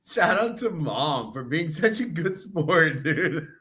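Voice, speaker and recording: A man's voice: on the high side, big pitch swings, slow pace, pushed and bright. A man co-hosting a podcast, chatting casually, laughing often and swearing freely. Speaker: podcast co-host. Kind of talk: casual chat.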